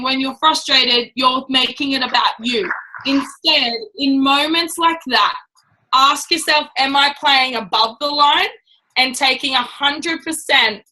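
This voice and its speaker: A woman's voice: high-pitched, bright, forceful tone, rough recording. A woman giving a casual, blunt and chatty training talk to a business team. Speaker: network marketing trainer.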